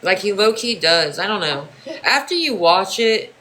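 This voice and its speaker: A livestreamer talks with viewers in an easy, rambling way, dropping curse words without a second thought. The voice is bright and forward, with a little faint hiss behind it. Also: mid-range voice, expressive, normal speed. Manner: loose, profane, rambling. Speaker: livestream host. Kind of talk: casual chat with viewers.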